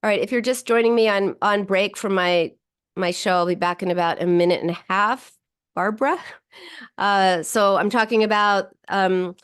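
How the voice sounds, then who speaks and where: Animated woman psychologist hosting a talk show. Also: normal speed, smooth. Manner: animated, jumps higher when voicing inner thoughts; loose, with frequent restarts and fillers. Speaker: psychologist and radio show host. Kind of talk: radio talk show and livestream chat.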